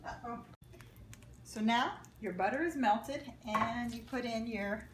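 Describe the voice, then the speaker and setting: A woman's voice: a little high, slow, roomy sound, background noise. A woman casually demonstrating a home cooking recipe in her kitchen, chatty and rambling, with joking asides. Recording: kitchen clatter of dishes and pans.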